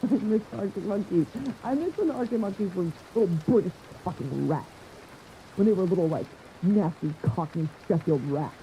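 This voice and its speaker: A woman's voice: mid-range voice, animated, brisk, dark tone, a little hiss or hum, low-quality recording. A woman hosting a podcast in casual chat, rambling enthusiastically and swearing often. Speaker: podcast host. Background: faint rain.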